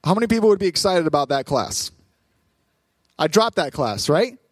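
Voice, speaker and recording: High-voiced preaching man, dry sound. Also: normal speed, no room sound. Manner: lively preaching, acting out voices and asking the crowd. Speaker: pastor. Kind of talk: sermon.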